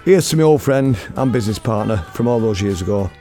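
A middle-aged man telling a story in a lively, blunt, self-mocking way, as a radio presenter. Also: fairly low pitch, fast, faint music behind. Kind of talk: casual anecdotal storytelling.

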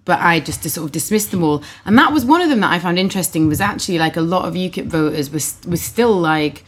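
A woman in a casual political chat, telling a canvassing anecdote in a lively way, full of "like" and "um". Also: on the low side, fast talker, breathy edge. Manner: chatty, lively anecdotes full of likes and ums.

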